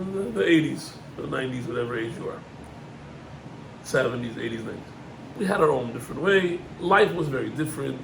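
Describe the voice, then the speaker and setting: A middle-aged man, a rabbi, gives an animated Torah lesson, climbing in pitch on emphatic points and mixing in Hebrew terms. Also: gravelly, a little hiss or hum, poor audio.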